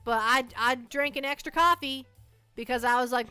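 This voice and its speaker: Chatting casually to a live audience from home, a woman streamer speaks at a moderate pace in a fairly high, smooth voice with a sharp tone. She's playful, rambling and self-mocking, jittery from too much caffeine. The close mic picks up no room sound, only soft background music.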